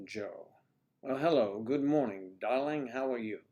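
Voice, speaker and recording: A man's voice: mid-range voice, measured pace, dark tone, highs cut off. A man hosting a casual livestream, chatting with viewers and reading their comments, teasing and muttering asides to himself.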